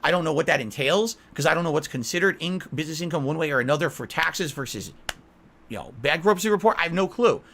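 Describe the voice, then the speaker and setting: A man's voice: fairly high pitch, animated, fast talker, creaky, a bit bright, slight background noise. A man in an interview, talking in a rambling, defensive and emotional way. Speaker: content creator being interviewed.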